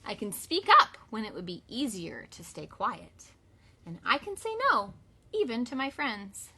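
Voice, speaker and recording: A woman's voice: medium pitch, very animated, measured pace, sharp tone, slightly rough. A young woman who is both mother and teacher, singing songs and reading a picture book aloud to young children in an upbeat, sing-song way. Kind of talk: kids' song and read-aloud lesson.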